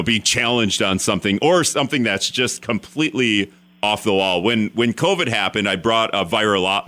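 A man's voice: lowish voice, bright, forceful tone. A man hosting a radio talk show, rambling and self-deprecating with many restarts.

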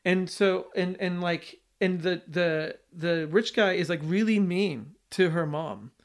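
A high-pitched man talks through a film plot in a relaxed, conversational way. He rambles, doubles back and fills gaps with fillers as he goes. The delivery is casual podcast chat. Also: takes it slowly. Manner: rambling, with many fillers and restarts. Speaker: podcast host.

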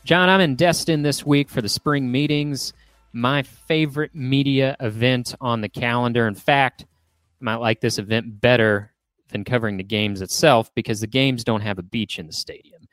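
A man's voice: mid-range voice, fairly even intonation, moderate pace, fairly bright tone, no room sound, studio quality, soft background music. A man co-hosting a sports podcast, bantering with a light, joking manner. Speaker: podcast co-host. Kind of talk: casual sports podcast chat.

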